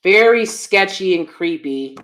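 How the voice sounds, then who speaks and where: A woman's voice: lowish voice, animated, a little slow, a bit bright. A woman in her thirties hosting a live stream, giving blunt, emphatic and sassy commentary to her audience. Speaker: host.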